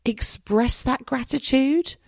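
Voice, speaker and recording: Tired, gravelly-voiced woman podcasting. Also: sits high, slow pace, darkish tone, no echo, clean studio sound. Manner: candid and chatty, swears freely. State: tired, voice worn out late at night. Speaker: podcast host. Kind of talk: casual solo podcast monologue.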